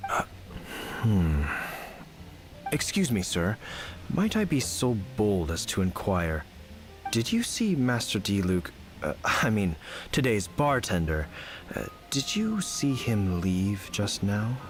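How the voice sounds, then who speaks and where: A man's voice: lowish voice, huge pitch swings, slow, over music, heavily acted. An actor playing a fussy, overly polite male knight in a video game, speaking formally and with stiff courtesy. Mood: stiffly polite.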